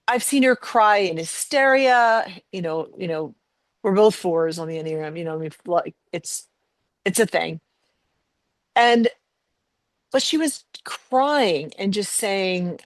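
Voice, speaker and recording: A woman's voice: medium pitch, no room sound. A middle-aged woman hosting a podcast, telling a personal family story in conversation, emotional and rambling with many fillers and restarts. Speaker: podcast host.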